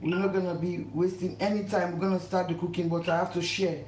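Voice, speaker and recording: A fast-talking woman with a fairly low, slightly mellow voice and little pitch movement hosts a cooking channel stream live from her home kitchen. She's effusive, repeats herself, and keeps urging viewers to subscribe. The recording sounds echoey, with faint household noise behind her.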